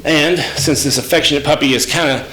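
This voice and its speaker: A man's voice: on the high side, a little fast, bright, forceful tone. A man talking casually to camera about his dog, rambling with many fillers and restarts. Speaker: dog owner vlogger. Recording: echoey home room with light noise.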